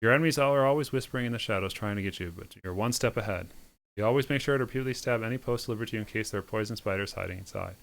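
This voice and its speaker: Quick and deadpan, a smooth-voiced man with fairly low pitch streams a visual novel, reading the game text aloud. He keeps it sardonic, slipping snarky comic asides in as he goes.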